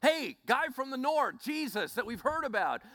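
A man voicing a desperate blind beggar who is pleading loudly for help. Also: very high voice, very animated, moderate pace, no room sound, clean studio sound, voice pushed up, heavily acted. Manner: pleading, calling out.

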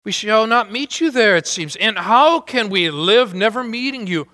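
Man doing a little girl sobbing and pleading, higher voice, echoey hall. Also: animated, moderate pace, pushed and bright. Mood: tearful. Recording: long hall reverb.

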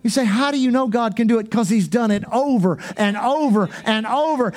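A male pastor preaching a fervent sermon, driving points home with repetition and bursts of shouting. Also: very high-pitched.

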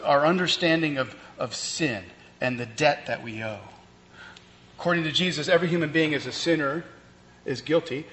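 With a mid-range, fairly bright tone, a pastor talks through a sermon in a conversational manner. Fillers and restarts crop up as he explains the text, and the recording has long reverb and faint ambient noise.

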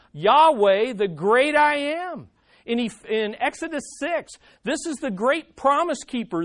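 A pastor preaching a sermon in an animated way, acting out desperate pleas. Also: mid-range voice, no echo.

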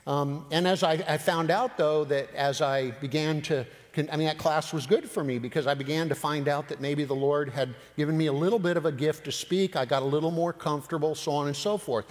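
A man preaching, telling a personal story with animated retelling of dialogue. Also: a little high, a little fast, few pauses. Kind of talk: sermon storytelling. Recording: long hall reverb.

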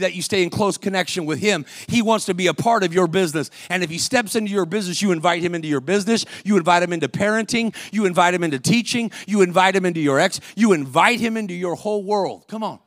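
A male preacher with a high, bright voice delivers a lively sermon, calling out to the congregation and slipping into voices as he tells stories. The sound is dry and close, with no room echo. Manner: energetic, calls out to the congregation, acts out voices in stories. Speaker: guest preacher. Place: church.

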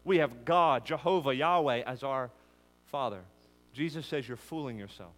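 Guy preaching a bible sermon, kinda high voice, big echoey church hall. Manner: emphatic, building lists to a peak then dropping low. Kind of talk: expository sermon. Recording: long hall reverb.

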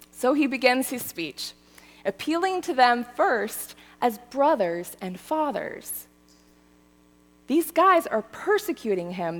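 A woman's voice: on the high side, in a large hall. A woman preaching a sermon in a conversational way, often checking in with her listeners. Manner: animated, conversational, often asks the audience "right?" and "okay?". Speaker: pastor.

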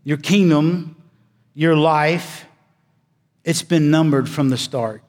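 Male preacher, fairly high voice, dramatic sermon pacing, long church reverb. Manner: preaching with dramatic pauses, swings between loud emphasis and hushed low delivery. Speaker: pastor.

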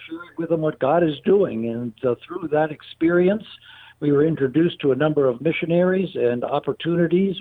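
A man's voice: a little high, breathy edge, phone-quality sound. A man, a ministry leader, recounting his work history in a plain, matter-of-fact way. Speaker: ministry leader, interview guest.

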